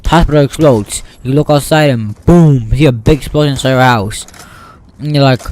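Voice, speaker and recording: A man casually telling a made-up story over gameplay, rambling and excitable, acting out sound effects. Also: medium pitch, brisk. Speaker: gaming YouTuber.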